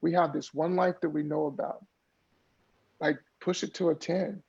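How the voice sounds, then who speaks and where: A man's voice: a little high, steady tone, normal speed, gravelly, a little mellow, slightly rough, dull audio. A man speaking as a podcast guest, an earnest mindfulness coach who talks in a motivational way and often repeats words as he builds a point. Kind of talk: conversational interview.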